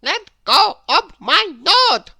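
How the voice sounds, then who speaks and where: A woman's voice: huge pitch swings, measured pace, sharp tone, no echo, studio quality, full character voice. A woman doing a giggly little prankster. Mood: grumbling. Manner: giggling, high squeaky delivery. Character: small mischievous male prankster, giggly and cheeky. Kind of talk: storybook read-aloud.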